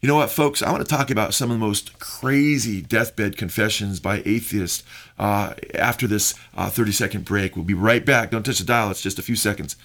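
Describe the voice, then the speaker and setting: A man's voice: fairly low pitch, normal speed, fairly bright tone. A middle-aged man hosting a Christian radio talk show, speaking in an earnest preaching tone with many fillers. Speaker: radio show host and pastor.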